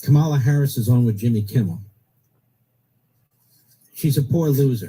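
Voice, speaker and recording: A man's voice: lowish voice, normal speed, long pauses, warm tone, breathy edge, low-quality recording. Blunt opinionated talk radio man. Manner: blunt, opinionated, emphatic repetition. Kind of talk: political talk radio monologue.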